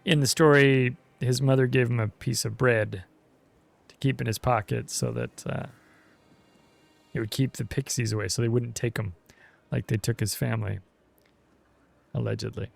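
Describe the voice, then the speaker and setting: A man chatting casually over his gameplay, relaxed and talkative with plenty of offhand asides. His voice is mid-pitched with a noticeably gravelly fry. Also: moderate pace, pauses often. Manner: laid-back, chatty, says dude and jeez. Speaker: let's play host.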